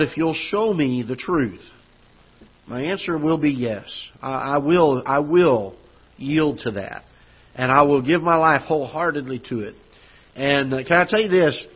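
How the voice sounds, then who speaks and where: A man's voice: mid-range voice, husky, dull audio. A man preaching a sermon as pastor in a church auditorium, speaking earnestly and conversationally with fillers and restarts. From Florida.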